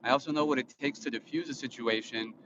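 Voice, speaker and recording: A man's voice: medium pitch, quick pace. A man in his thirties, filming himself on a phone in a car for a casual vlog monologue. He rambles with many fillers and restarts, in an indignant, lecturing tone. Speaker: vlogger and father. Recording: muffled, with road noise. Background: vehicle noise.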